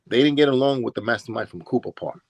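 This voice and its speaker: This New York-accented man from Brooklyn, once a b-boy, speaks quickly in a gravelly mid-range voice. In a relaxed storytelling interview he wanders from point to point, restarting often and acting out people's words.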